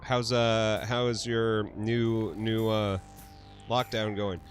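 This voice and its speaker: A man's voice: lowish voice, a little slow, faint music behind. A man hosting a casual livestream, laughing often, swearing freely and answering his chat. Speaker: livestream host.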